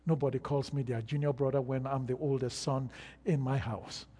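An older man preaching a sermon, slow and emphatic, with long pauses between phrases. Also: mid-range voice, steady tone, warm tone, husky. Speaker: pastor. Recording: long reverb of a large hall.

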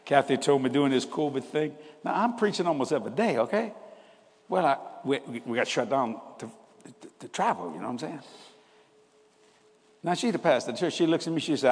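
Older man preaching with laughs, lively pitch. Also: fairly quick, slightly rough. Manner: folksy, laughs often, swings between loud bursts and hushed asides. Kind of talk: humorous storytelling sermon. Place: church hall. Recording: hall reverb with faint background noise.

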